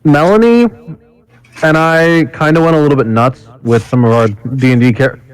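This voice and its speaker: A man's voice: on the high side, moderate pace, slight background noise, rough recording. A man in casual chat before a tabletop game session, rambling and often correcting himself mid-sentence. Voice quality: rambling, self-correcting storyteller.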